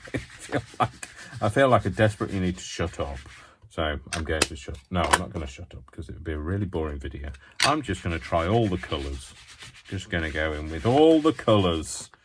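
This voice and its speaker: A man with a deep, low voice talks through a craft tutorial at home, chatty and loose, often mocking himself as he goes. A faint hiss sits under the recording. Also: lively intonation, moderate pace, pauses often, a bit bright. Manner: rambling, self-mocking asides. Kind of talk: chatty hands-on demonstration.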